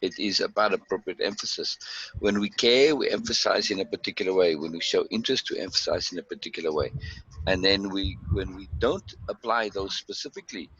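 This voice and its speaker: A man's voice: deep voice, a little fast, fairly bright tone. A man patiently explaining the meaning of a text, going over it with a reader. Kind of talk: calm explanation. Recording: dull lo-fi line with faint noise.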